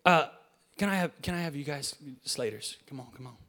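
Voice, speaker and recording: A man delivers a lighthearted, joking sermon from a church stage in a fairly high, fairly bright voice, animated and brisk. He's chatty and playful, often stammering into restarts and asking the congregation questions.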